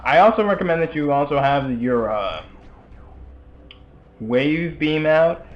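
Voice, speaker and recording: A man's voice: fairly high pitch, animated, moderate pace, dull audio. A young man giving casual, rambling commentary over a video game, full of chatty asides and fillers. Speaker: let's play commentator.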